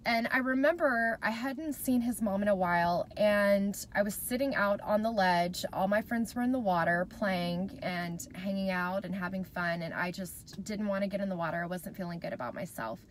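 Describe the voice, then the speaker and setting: A woman's voice: medium pitch, moderate pace, hardly any pauses, a little hiss or hum. A woman in her thirties, a mom vlogger, telling a personal story to camera in a chatty, heartfelt way and speaking straight to her viewers.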